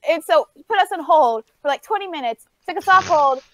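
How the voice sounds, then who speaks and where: A woman co-hosting a casual podcast chat, telling an animated story with laughs and acted-out quotes. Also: very high voice, a little fast, no echo. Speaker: podcast co-host.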